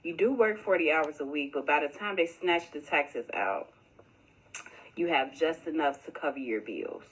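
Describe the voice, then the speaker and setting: Weary woman with a low voice. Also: expressive, moderate pace, slightly rough, low-quality recording. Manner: weary, candid. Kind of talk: casual talk to viewers.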